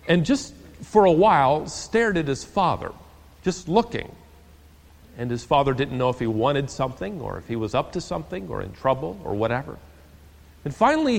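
A man delivers a sermon in a voice pitched a little high. He drops to a soft, low storytelling tone, then builds to loud, emphatic declarations. His words ring out with the long reverb of a large hall. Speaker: pastor.

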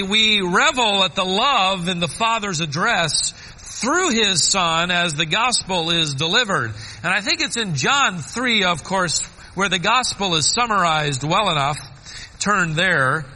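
A man preaching a sermon, swinging between soaring emphatic peaks and quiet low asides. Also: long reverb tail, low-quality recording.

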